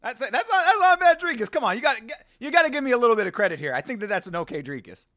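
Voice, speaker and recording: Excitable high-voiced man hosting a watch-along. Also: racing. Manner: excitable, jokey. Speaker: host. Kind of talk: casual fight watch-along commentary.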